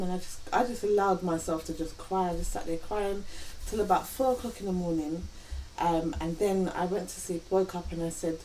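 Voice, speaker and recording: A woman's voice: mid-range voice, a little fast, dark tone. A woman sharing a personal story with her partner, earnestly quoting her own thoughts aloud. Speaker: vlog co-host. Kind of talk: reflective couple chat. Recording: distant mic with faint background hiss.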